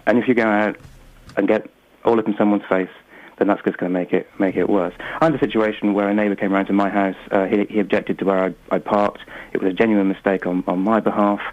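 A man speaking down a tinny phone line, patient and measured despite the fast pace. His voice sits on the low side, and fillers dot his steady explanations. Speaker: guest from a mediation group. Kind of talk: calm explanatory phone interview.

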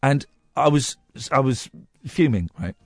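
A man hosting a radio phone-in, telling a rambling story in an animated way, in a studio at a studio mic. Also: mid-range voice, a little slow, no room sound. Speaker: radio host. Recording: dry studio sound.

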